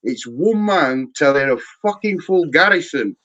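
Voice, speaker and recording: A man hosting a casual live stream, rambling and swearing, his voice jumping high when he mimics others. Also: animated, measured pace, fairly bright tone. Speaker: host. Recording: dull lo-fi sound.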